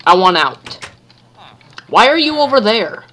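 A man's voice: high voice, sing-song, unhurried, bright, forceful tone, slight background noise. A man giving jumpy, nervous commentary while playing a horror game, yelping at scares and chattering to himself. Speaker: let's play gamer.

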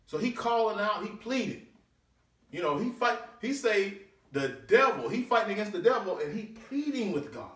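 A man, a deacon, preaching a sermon with drawn-out scripture readings and swooping pitch. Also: big pitch swings, fairly bright tone. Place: church sanctuary. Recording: echoey church room, mic at a distance.

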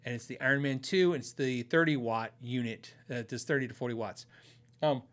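A man's voice: mid-range voice, a little fast, a bit bright. A man hosting a podcast, telling stories in a rambling, casual way and chuckling often. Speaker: podcast host.

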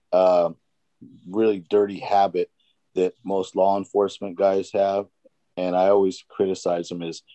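A man's voice: low voice, mellow, no room sound. A man in a casual church discussion, earnestly telling stories and acting out conversations he has had. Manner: earnest, storytelling, acts out conversations. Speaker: Bible study participant.

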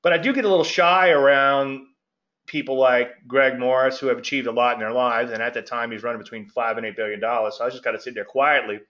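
Casting: middle-aged male host, outgoing, talks loosely and meanders, bright forceful tone, dull lo-fi recording. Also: medium pitch, fairly even intonation, fast. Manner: gregarious, rambling, self-interrupting. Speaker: market analyst and show host. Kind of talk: casual trading commentary. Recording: dull lo-fi audio.

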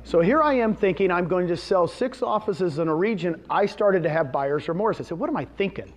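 With a high, brisk voice, this fifty-something real estate presenter tells a personal anecdote to a live crowd and quizzes the room, captured in dull lo-fi sound.

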